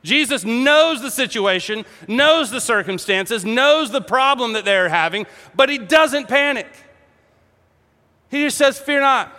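A man preaching a sermon, telling a story with animated energy, acting out voices and laughing along. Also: extremely high pitch, measured pace, long reverb tail. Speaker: pastor.

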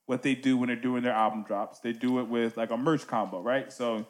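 Animated man hosting a music chat. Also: medium pitch, fairly quick. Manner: animated, rhetorical "right?" asides.

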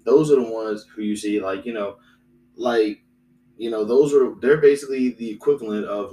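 A man's voice: lowish voice, normal speed, warm tone, low-quality recording. A young man hosting a solo podcast, rambling and repeating himself with lots of fillers. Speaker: podcast host.

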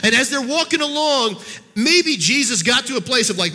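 A man giving a sermon as a guest speaker, telling a Bible story in an animated way, acting out the characters' voices and often repeating words as he goes. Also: extremely high pitch, moderate pace, in a large hall.

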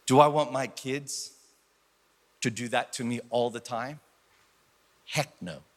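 A man in his thirties preaching a conversational sermon as pastor, telling stories and rising into loud, excited preaching. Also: medium pitch, slow pace, big-room sound. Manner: conversational, building to shouted preaching.

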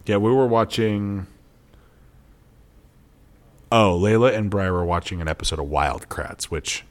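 Low-voiced young dad chatting casually. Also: male voice, a little slow. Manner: rambling, laughs often, animated when telling stories. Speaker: podcast co-host. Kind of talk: casual chat.

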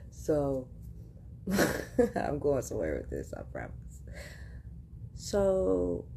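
A woman's voice: sits low, wildly swooping pitch, drawn-out words, gravelly, mellow, a little hiss or hum. A woman hosting a podcast, telling a casual story straight to her listeners, chatty and laughing often. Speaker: podcast host.

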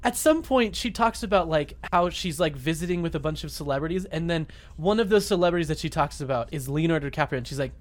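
A man's voice: on the high side, expressive, fast, hardly any pauses. A man co-hosting a casual comedic movie chat, rambling and laughing often as he acts out lines from the film. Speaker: podcast co-host.

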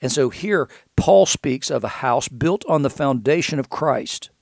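Gravelly-voiced man preaching a sermon. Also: mid-range voice, lively intonation, a little slow, dry recording, clean studio sound. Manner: conversational, repeats words while thinking.

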